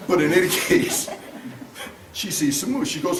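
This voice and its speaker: Animated man teaching a Bible class. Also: sits high, moderate pace. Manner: animated, humorous storyteller. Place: church classroom. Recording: echoey room, distant mic, background noise.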